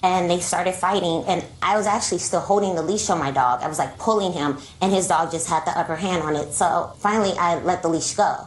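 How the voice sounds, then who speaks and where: Low-voiced woman plaintiff, echoey courtroom. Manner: rushed, breathless retelling with many "like"s. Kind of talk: testimony in a courtroom. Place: television courtroom. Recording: echoey courtroom with faint noise.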